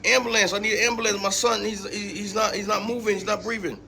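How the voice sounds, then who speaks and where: A man's voice: very high voice, flat delivery, a little fast, vocal fry, fairly bright tone, full character voice. Man quoting a panicked young mother.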